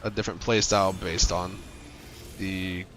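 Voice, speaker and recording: A man's voice: low voice, level tone, moderate pace, a bit bright, a little hiss or hum. A man streaming a game, talking casually with a teammate, joking and laughing often. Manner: chatty, laughs often, jokey. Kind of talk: casual gaming chat.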